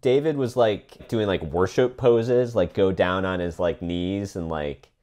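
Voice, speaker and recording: A man hosting a podcast in casual chat, asking questions and tossing in quick jokey asides. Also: deep voice, a little mellow. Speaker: podcast host.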